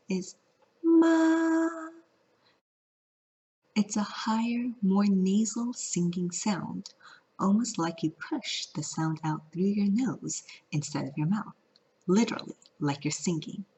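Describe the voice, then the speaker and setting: A woman's voice: medium pitch, a little mellow, slightly rough. A woman from California teaching a vlog lesson, playful and singing out the example tones. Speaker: Mandarin teacher. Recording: lo-fi audio.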